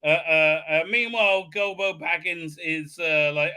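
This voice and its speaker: A man's voice: a little high, steady tone, unhurried, sharp tone, clear, resonant tone. A man hosting a live show, mocking what he watches in a crude, sarcastic way, full of "uh, uh" fillers and silly put-on voices. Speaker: host.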